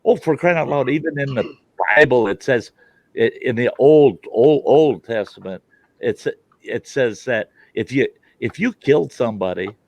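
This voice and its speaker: A man's voice: medium pitch, normal speed, no room sound, highs cut off. A man ranting bluntly in a casual group chat, acting out dialogue as he goes. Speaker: call participant.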